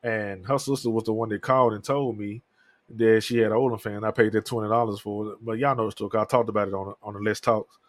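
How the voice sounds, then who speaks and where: A man's voice: fairly low pitch, fairly even intonation, fast talker, no room sound. A man in his thirties hosting a podcast, talking alone in a candid, profane, rambling way. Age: 30s. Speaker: podcast host. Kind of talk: casual solo talk.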